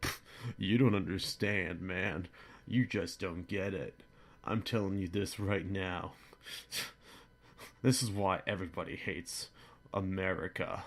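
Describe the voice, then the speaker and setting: A man's voice: sits low, fairly even intonation, unhurried, gravelly, long pauses, full character voice. A man voicing a smug, dismissive young hipster clerk with a sneering drawl.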